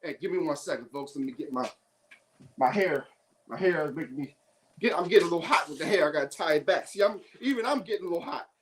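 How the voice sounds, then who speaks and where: A woman's voice: deep voice, expressive, fast, slight background noise. A woman hosting an independent sports show, delivering a heated, emphatic opinion monologue.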